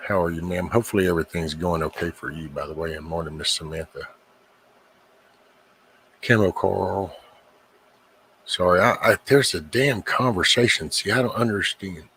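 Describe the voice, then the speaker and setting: A middle-aged man talks to his stream viewers in a low, husky voice with a forceful edge. He rambles and restarts often, dropping curses as he goes. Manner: rambling, profane, halting restarts. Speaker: livestream host. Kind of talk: casual rambling chat with viewers.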